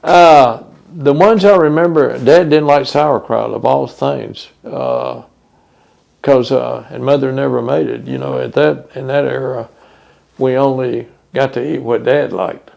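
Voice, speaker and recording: Older man, gravelly low rasp, mid pitch, oral history interviewee. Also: animated, a little mellow. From Texas. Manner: reminiscing, unhurried with many fillers.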